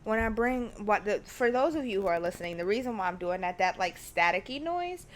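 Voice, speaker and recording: A woman hosting her own podcast from her living room, chatting casually in a rambling, excitable way and often dropping to a whisper. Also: medium pitch, a little fast. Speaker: podcast host. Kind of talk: casual solo chat. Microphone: studio mic at home.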